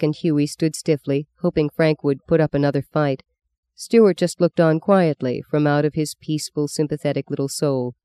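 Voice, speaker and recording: An audiobook narrator reading a literary novel in an even, expressive storytelling manner. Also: medium pitch, clean tone, no echo.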